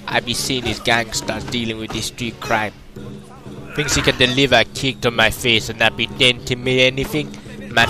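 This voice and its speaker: A man commentating a video game walkthrough in a playful tough-guy persona full of street slang. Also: medium pitch. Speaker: gameplay commentator. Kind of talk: let's-play commentary. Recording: game music clearly behind voice. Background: game music.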